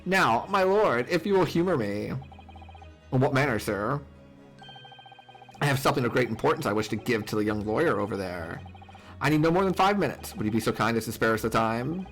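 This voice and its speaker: A man's voice: medium pitch, expressive, fairly quick, fairly bright tone, faint music behind. A man voicing an eccentric, theatrical male detective in a game, speaking in an elaborate, genteel way.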